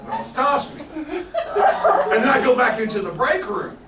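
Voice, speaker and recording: Animated man telling a story, echoey room. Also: very high-pitched. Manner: animated, laughing often, quick asides. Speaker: guest speaker. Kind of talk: storytelling talk to a live audience. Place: meeting room with audience. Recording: echoey room, far from mic, noisy.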